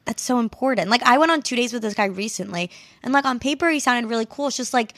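A woman's voice: a little high, animated, fast, fairly bright tone, no room sound, studio quality. A woman in her twenties, a guest, talking candidly and chattily, often trailing off mid-sentence. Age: 20s. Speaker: guest, comedian. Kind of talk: casual chat.

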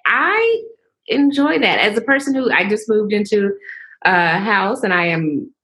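A woman's voice: mid-range voice, animated, measured pace, a bit bright. A woman writer, a guest in casual chat, who laughs often as she talks. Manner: laughs often while talking.

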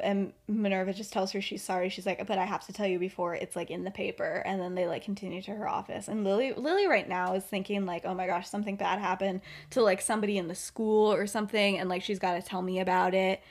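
A young woman hosting a podcast, casually retelling her own story with lots of "like" and "um" in a quiet, hushed voice. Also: mid-range voice. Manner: chatty, many fillers, quiet storytelling voice. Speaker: podcast host and writer.

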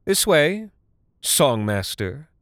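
A man's voice: medium pitch, big pitch swings, slow, no room sound, clean studio sound, pitched above the performer's own voice. A man voicing a scheming, lying male bard who rallies crowds and sneers at his lord. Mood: urging. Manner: forceful, persuasive, sneering.

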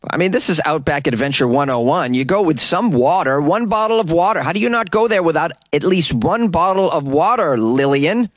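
A man's voice: fairly high pitch, expressive, brisk, few pauses, dry recording. Male podcast host, dry closet sound, wry comic news delivery, mock exasperation. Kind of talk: comedic news monologue.

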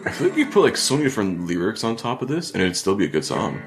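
A young man co-hosting a podcast rambles casually through a song review, using lots of fillers. His voice is on the low side and sing-song, he races along, and music plays behind him.

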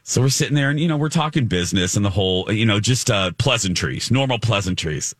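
A man co-hosting a morning radio show, telling a story in an animated way and laughing often. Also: lowish voice, quick pace, dry recording, clean studio sound. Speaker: radio co-host. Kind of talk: casual morning radio chat.

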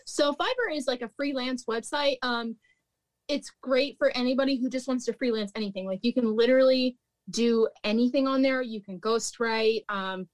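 A woman's voice: on the high side, moderate pace. A young woman, a former restaurant manager, telling work stories in casual chat, bluntly, swearing and laughing often. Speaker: podcast guest, recruiter and former restaurant manager.

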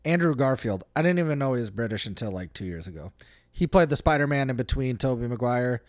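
A man's voice: medium pitch, lively intonation, fast, dry recording, clean studio sound. A man co-hosting a casual movie podcast with wry, jokey banter. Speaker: podcast co-host.

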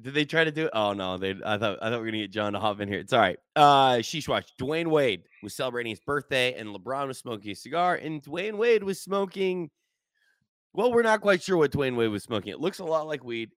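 A man's voice: mid-range voice, a little fast, dry recording. Man, podcast co-host, dry close mic, rambling anecdotes. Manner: rambling, animated anecdotes with profanity. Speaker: podcast co-host, former team manager. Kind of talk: casual podcast chat.

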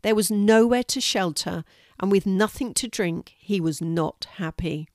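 An older woman reads a children's storybook aloud, steady and measured. Her voice sits at an ordinary middle pitch for a woman. The recording is close and completely dry. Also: no room sound.

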